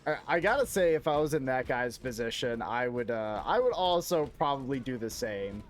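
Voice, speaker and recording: A man's voice: medium pitch, lively intonation, moderate pace. A man streaming a video game, chatting casually, laughing often and cursing at the game under his breath. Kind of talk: casual chat while gaming.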